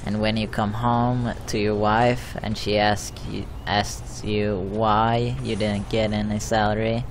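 A man's voice: on the low side, level tone, slow pace. A man giving casual gameplay commentary, swearing often in an exasperated way as he plays. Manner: profane, exasperated running commentary. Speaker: gaming video host. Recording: noisy background.

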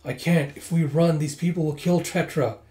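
A man's voice: a little high, fairly even intonation, normal speed, mellow, natural voice. A man reading a manga aloud and voicing a determined young woman with a sword. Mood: resolute. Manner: earnest, resolute.

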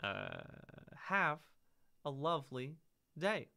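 A man's voice: on the high side, huge pitch swings, slow, creaky, sharp tone, smooth. A man streaming from home, chatting casually to his viewers at the end of a stream and often breaking off mid-sentence. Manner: chatty and self-interrupting, mock-outraged. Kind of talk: casual stream sign-off chat.

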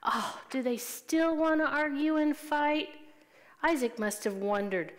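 A woman telling a Bible story to young children as a Sunday school teacher, gently asking them questions. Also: high-pitched, unhurried, big-room sound.

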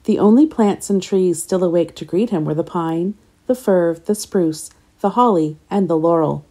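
A woman reading a children's nonfiction book and a legend aloud in a gentle, measured storytelling voice. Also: on the low side. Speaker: storybook reader.

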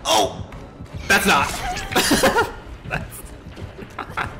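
A man live-streaming a video game, excitable and swearing often as he reacts loudly to play and talks back to chat. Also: extremely slow, slight background noise.

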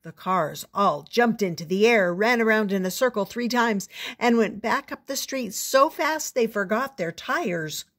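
An older woman reads a children's picture book aloud in an expressive, playful storytelling voice. Her pitch sits in a middle range for a woman. She takes her time as she tells the story. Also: a little slow.

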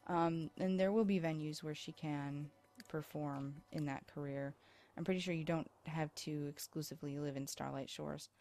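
A woman's voice: sits low, fairly even intonation, normal speed, mellow. Tired, rambling woman narrating a game. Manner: chatty, rambling, self-deprecating. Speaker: let's play host. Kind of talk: casual gameplay commentary. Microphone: USB microphone.

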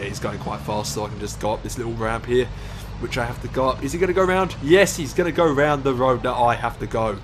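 A man's voice: medium pitch, background noise. A sleep-deprived man giving rambling, swearing, self-mocking gameplay commentary. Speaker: let's play gamer. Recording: clear background music.

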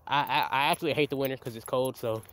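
A man's voice: medium pitch, fast, a bit bright. Young man, casual outdoor phone vlogger, rambling and stammering. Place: outdoors by a creek. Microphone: handheld phone camera.

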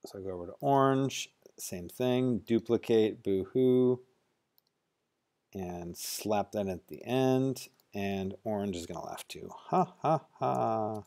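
A man's voice: lowish voice, unhurried, hardly any pauses, a little mellow. A man walking through a coding tutorial in a casual, think-aloud way with some fillers. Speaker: teacher. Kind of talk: screen-recorded coding tutorial.

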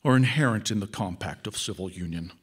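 A man's voice: lowish voice, brisk, breathy edge, pitched below the performer's own voice. A man voicing a hologram of a male president who talks in a pompous, speechmaking manner during a story reading. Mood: stately evasive.

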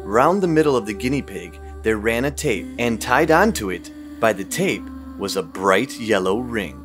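A man narrating a storybook audiobook in a calm, measured way. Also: fairly low pitch, over music. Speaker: audiobook reader.

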